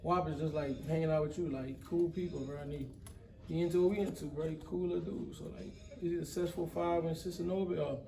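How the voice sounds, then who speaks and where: In a casual interview chat, this young guest and event promoter keeps spinning wild tales, animated and full of slang, dropping "bro" again and again. He talks fast in a slightly high, creaky voice, and the room echoes.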